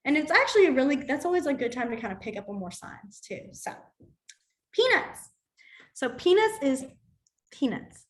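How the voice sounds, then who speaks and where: A somewhat high-voiced woman leads an informal sign language class. She talks in a loose, chatty way, scattering fillers through her explanations and stories. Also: fast talker, hardly any pauses. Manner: chatty, filler-heavy, animated storytelling. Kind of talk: casual class teaching.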